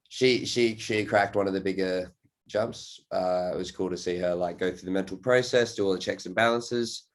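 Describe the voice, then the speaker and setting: A podcast host, a man with a somewhat low voice, rambles loosely and drops the occasional casual swear. The whole thing feels like relaxed chatter between friends.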